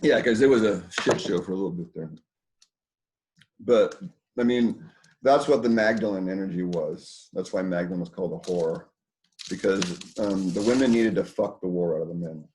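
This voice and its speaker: A man's voice: deep voice, normal speed, darkish tone, a little hiss or hum, rough recording. A man hosting a community dinner talk, rambling loosely to a small group indoors with lots of fillers and casual swearing.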